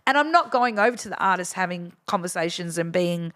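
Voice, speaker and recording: A woman's voice: lowish voice, lively intonation, brisk, fairly bright tone, no room sound, clean studio sound. Frank, swearing woman in her fifties. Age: 50s. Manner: frank, swears freely, acts out quoted voices. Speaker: DJ guest. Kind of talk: casual interview chat.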